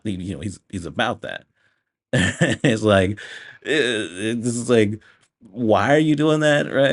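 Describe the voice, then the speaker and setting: Lower-voiced man ranting through a movie review. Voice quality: animated ranting, profane, laughing often. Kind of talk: casual spoken movie review.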